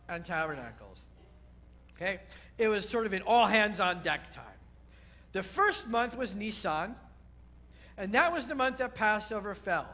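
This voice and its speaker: A man's voice: extremely high pitch, sharp tone. A man speaking as a rabbi giving a sermon, explaining step by step and often checking in with his listeners. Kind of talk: sermon teaching.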